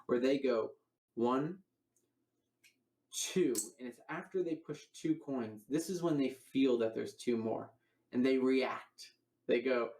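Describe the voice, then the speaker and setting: A man's voice: mid-range voice, gravelly, reverberant, low-quality recording. A man teaching a coin magic routine in a casual online lecture, explaining each step and acting out his patter. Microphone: online voice call.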